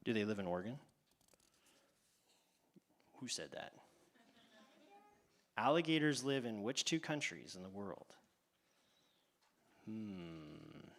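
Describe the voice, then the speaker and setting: A man hosting a playful animal quiz for children on a church stage, teasing and drawing out his questions. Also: on the low side. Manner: animated, teasing, exaggerated pauses. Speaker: quiz host at a church kids' event.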